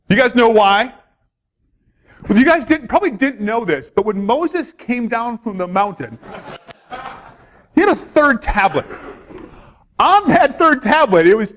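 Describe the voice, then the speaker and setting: Guy giving a conference talk, kinda high voice, jokey, keeps asking the crowd questions. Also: fairly bright tone. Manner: joking, quizzes the audience. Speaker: conference speaker.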